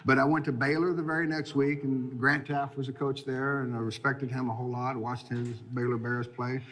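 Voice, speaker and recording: A man's voice: mid-range voice, flat delivery, brisk, fairly bright tone. A man in his fifties sits in as an interview guest, recalling his playing days. He tells his stories in a rambling, laughing way, often stopping and restarting mid-sentence. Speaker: guest, former college football player. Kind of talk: casual storytelling in an interview.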